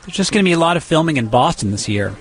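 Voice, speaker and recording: A man's voice: a little high, big pitch swings, racing, poor audio. A man reporting a radio feature and interviewing a guest in a curious, chatty way.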